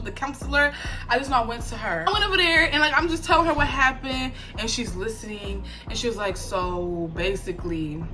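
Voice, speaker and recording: A young woman telling a story to her viewers in a casual, slangy, animated way. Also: sits high. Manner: animated, slangy, frequent laughs and acted quotes. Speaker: storytime vlogger. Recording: background music under the voice.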